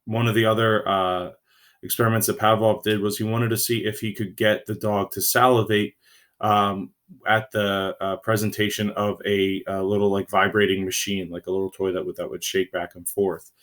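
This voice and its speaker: A man teaching a recorded lecture to his students, halting and full of fillers, often checking in with "right?". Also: lowish voice, little pitch movement, a bit bright. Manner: halting, many fillers and restarts.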